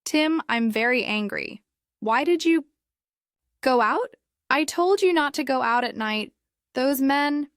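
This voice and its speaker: A woman's voice: on the high side, a little slow, a bit bright, dry recording, studio quality. A woman reading as a worried single mother. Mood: upset.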